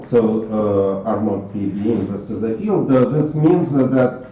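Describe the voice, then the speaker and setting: A man with a Russian accent giving a university math lecture in a halting way, filling his pauses with uh. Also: fairly low pitch, mellow. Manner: halting, frequent uh fillers, switches to Russian with students. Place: lecture hall. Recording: roomy echoey classroom, mic from far off, faint noise.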